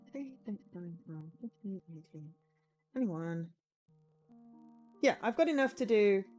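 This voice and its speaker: A woman's voice: lowish voice, fairly bright tone. A woman chatting casually on a live charity gaming stream, rambling with lots of ums.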